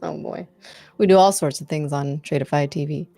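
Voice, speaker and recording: A woman with a fairly low voice co-hosting a live futures stream. She chats loosely and thinks aloud about price action, with faint music in the background. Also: normal speed, gravelly, dark tone. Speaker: co-host of a live trading show. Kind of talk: casual live-stream market commentary.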